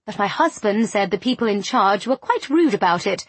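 A woman voicing a fretful, snobbish middle-aged village lady who speaks in a high, fussy, affronted way. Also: lively intonation, moderate pace, husky, no echo.

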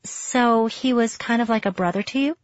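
A woman's voice: fairly high pitch, normal speed, no echo, voice pushed up, natural voice. A woman reader voicing a curious, caring young woman friend who asks concerned questions, on a dry, dull recording.

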